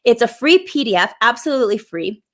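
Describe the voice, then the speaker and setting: A woman in her thirties hosting a live parenting advice show, explaining tips in a clear, upbeat way into a plug-in microphone. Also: fairly high pitch, sing-song, fairly quick, a bit bright.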